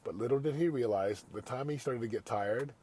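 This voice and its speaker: A man with a mid-pitched voice hosts a motivational podcast. He tells a family story in an earnest, chatty way, then slides into a preachy pep talk. A faint hum of background noise sits under his voice. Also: fairly quick, mellow. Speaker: podcast host; father.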